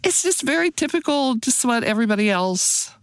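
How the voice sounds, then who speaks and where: An older woman, a detective's wife, telling personal memories with lively leaps in pitch. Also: fairly quick, clear, resonant tone, dry recording. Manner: animated, pitch leaps on emphasis. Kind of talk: personal recollection.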